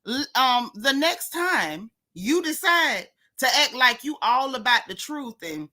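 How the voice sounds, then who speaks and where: A woman's voice: high-pitched, very animated, slow pace, few pauses, bright, forceful tone. A woman hosting a casual gossip livestream, sassy and mocking as she talks straight to her viewers. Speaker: host of a gossip channel.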